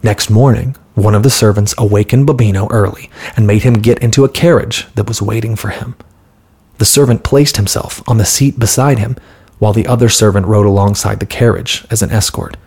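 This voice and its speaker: Male narrator, deeper voice with some breathiness, steady children's storybook reading. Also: brisk, slightly rough. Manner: calm, steady storytelling with light voices for characters.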